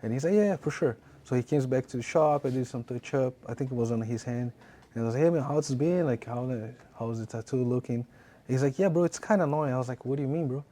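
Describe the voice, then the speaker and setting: A man hosting a relaxed interview, telling stories in a loose, chatty way, often saying "bro". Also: medium pitch, fast. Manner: relaxed storytelling, peppered with "bro" and "like". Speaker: tattoo artist and podcast host. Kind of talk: casual interview chat.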